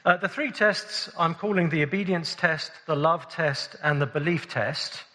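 A man's voice: a little high, normal speed. A man preaching a sermon in a conversational way, often restarting phrases, in a church. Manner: conversational, warm-humored, with frequent restarts. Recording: long hall reverb.

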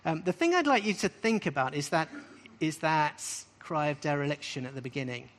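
Guy preaching a sermon to a group, bit high voice, says stuff twice for emphasis. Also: animated, brisk, fairly bright tone. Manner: emphatic, repeats key phrases with rising questions. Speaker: preacher teaching on scripture. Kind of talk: sermon-style teaching.

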